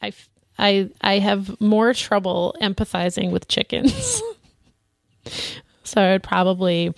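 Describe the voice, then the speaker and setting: A woman's voice: medium pitch, a little slow, creaky, dry recording. Chatty woman co-host in a dry room. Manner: relaxed, chatty, laughs easily, many ums. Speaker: podcast co-host. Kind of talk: casual chat.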